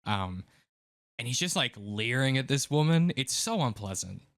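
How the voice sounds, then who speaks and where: A man talks through a film on his podcast in a loose, rambling way, circling back with lots of filler words as he thinks aloud. His voice sits at an ordinary middle pitch, and the sound is dry and close, with no room echo. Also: lively intonation, moderate pace, a bit bright. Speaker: podcast host. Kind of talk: casual film discussion.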